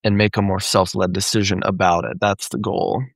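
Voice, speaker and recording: Male therapist-trainer, slightly low gravelly voice, chatty teaching style that keeps asking "right?". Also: level tone, normal speed, no echo. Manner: conversational, often checks in with "right?". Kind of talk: live Q&A teaching.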